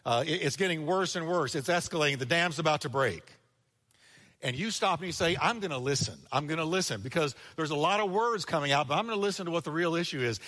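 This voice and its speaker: A male pastor preaching a sermon, swinging between energetic delivery and hushed asides, acting out quoted lines. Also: fairly high pitch, fast, long reverb tail. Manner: energetic preaching with sudden drops to quiet, acted-out quotes. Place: church sanctuary.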